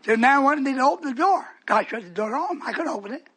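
A male preacher giving a fiery sermon, repeating phrases for emphasis and swinging between shouts and hushed whispers. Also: extremely high pitch, expressive, quick pace, breathy edge.

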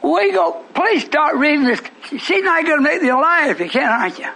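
A man preaching a sermon in a church, fervent, breaking into shouts and teasing the congregation. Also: extremely high pitch, expressive, a little fast, vocal fry, poor audio.

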